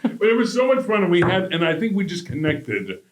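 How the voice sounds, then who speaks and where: A man hosting a talk show in casual chat with a guest, playful and quick to laugh. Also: high-pitched, sing-song. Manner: playful, laughs often, jokes. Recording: roomy studio echo.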